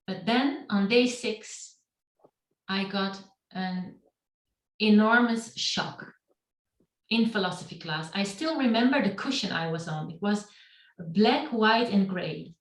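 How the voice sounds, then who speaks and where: Slow middle-aged woman telling her story. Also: medium pitch, animated. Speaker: meetup speaker. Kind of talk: personal storytelling talk. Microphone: video call. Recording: roomy and distant from the mic.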